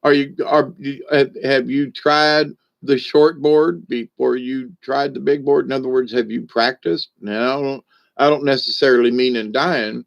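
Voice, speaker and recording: A man's voice: mid-range voice, fairly even intonation, moderate pace, creaky. A man telling a joke and then reflecting on faith in a folksy, rambling way with many fillers. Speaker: speaker on spiritual lessons.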